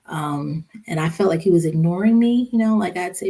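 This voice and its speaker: A woman podcast guest recounting a painful family memory in a somber, halting way, with many fillers. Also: fairly low pitch, mellow. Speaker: podcast guest, social worker and mother. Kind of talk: personal storytelling in a podcast interview.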